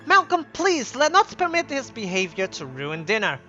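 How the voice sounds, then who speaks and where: Voiced by a man, a haughty aristocratic mother who gives orders in a high, shrill voice. The pitch swings widely, and the recording is a bit dull, with faint music behind. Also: wildly swooping pitch, normal speed, bright, forceful tone, heavily acted. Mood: imperious. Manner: shrill, imperious. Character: haughty, tipsy upper-class mother.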